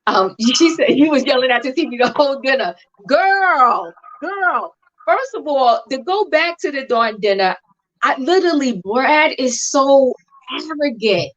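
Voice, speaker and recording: A woman co-hosting a casual chat about a TV show, talking in an animated, emphatic, slangy way. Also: high-pitched, unhurried. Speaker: podcast co-host. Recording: dull lo-fi recording.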